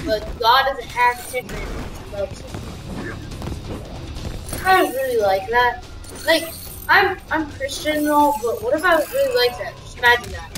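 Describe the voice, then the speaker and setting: A woman commenting on a video game as she plays, excitable, yelping and shouting at what happens on screen. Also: fairly high pitch. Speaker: gamer. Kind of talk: let's play commentary. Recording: echoey room, far from mic. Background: loud game music.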